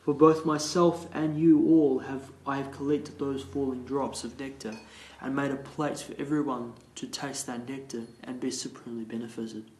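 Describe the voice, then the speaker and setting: A man leading a morning class, reading scripture aloud slowly and carefully and explaining it, restarting some verse words. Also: mid-range voice, steady tone, a little mellow. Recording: roomy echo.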